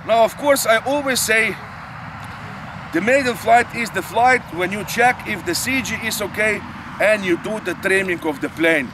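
A man with a high voice and a delivery walks through his remote-control plane's settings outdoors. He ends many of his sentences with a questioning "eh?". Faint outdoor ambience sits behind him. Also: normal speed, noisy background. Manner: explains step by step, tags sentences with "eh?". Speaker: RC pilot and channel host. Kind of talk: casual outdoor demonstration. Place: outdoors in a grassy field.

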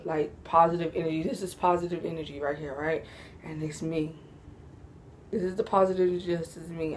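A young woman chatting casually at home for a vlog, sleepy and yawning, laid-back and slangy, with frequent giggles. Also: on the low side. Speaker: vlogger. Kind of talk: casual Q&A chat to camera.

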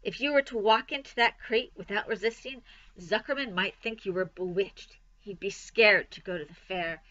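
Storybook old sheep, female, firm and commanding, bright and forceful delivery, read by a woman. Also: mid-range voice, moderate pace, lo-fi sound, close to an everyday voice. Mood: bossy.

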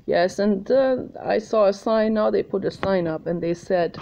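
Meandering woman host, slow and mellow, muffled home recording. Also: medium pitch, expressive, gravelly. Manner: meandering, chatty, thinks aloud. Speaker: video host showing her art. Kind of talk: casual rambling home video. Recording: slightly muffled, faint hiss.

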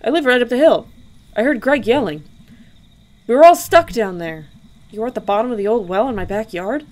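A woman voicing an odd, cheerful young male bird neighbor in a game, pitched up and speaking in a bright, eager way. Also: expressive, a little fast, close to an everyday voice.

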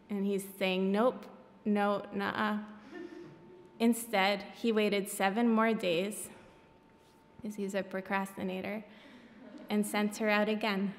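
A woman's voice: mid-range voice, slight background noise. A woman reading her own graphic novel at a public event, breaking off for wry, self-deprecating asides. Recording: echoey hall.

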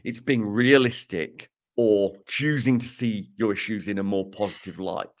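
A man's voice: on the low side, moderate pace. A man co-hosting a casual podcast, explaining research with dry, self-mocking humor. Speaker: podcast co-host presenting research.

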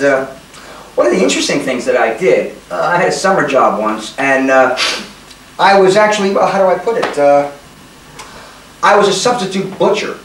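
A man's voice: medium pitch, a bit bright. Rambling, stammering male comedian. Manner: rambling, stammering, self-mocking. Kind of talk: comedic monologue. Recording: roomy, distant mic, faint noise.

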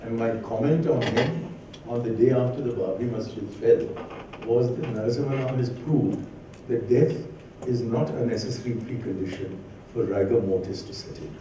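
A man's voice: mid-range voice, moderate pace, noisy background. An older man giving a witty, combative public lecture at a university, with sardonic jokes. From born in Pakistan, raised in India. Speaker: guest speaker. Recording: roomy hall from far off, dull.

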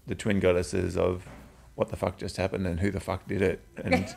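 Middle-aged man, low gravelly voice, loose rambling storyteller who swears a lot. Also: monotone, normal speed, a little mellow. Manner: rambling, swears freely, tells bawdy anecdotes. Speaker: drinks reviewer and interviewer. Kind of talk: casual chat.

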